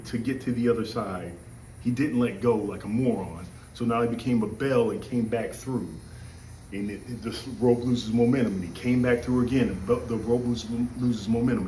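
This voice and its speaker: A man with a mid-range voice tells stories from his days in Air Force basic training, breaking into laughter and shouting out the lines of the people in them. He sounds a little away from the mic, in a roomy, echoing space with a faint hum of ambience behind him. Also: mid-range voice, far from the mic. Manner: animated, laughs often, acts out yelling in quotes. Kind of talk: casual storytelling. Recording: echoey room, voice a bit off-mic.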